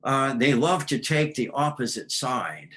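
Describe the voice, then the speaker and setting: A man explains astrology in a relaxed, rambling way, telling stories as he goes. He pauses often with ums and uhs. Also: mid-range voice, low-quality recording. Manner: storytelling, hesitant with fillers. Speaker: astrologer guest. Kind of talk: casual explanatory talk.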